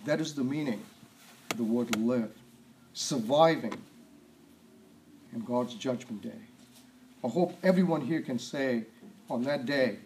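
A man preaching a sermon, reading scripture aloud, asking rhetorical questions and often clearing his throat. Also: mid-range voice, measured pace, pauses often, a little hiss or hum.

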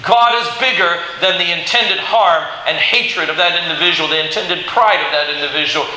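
A man preaching a sermon, telling a Bible story in an animated way and acting out the quoted lines. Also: a little high, normal speed. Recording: very echoey hall with faint hiss.

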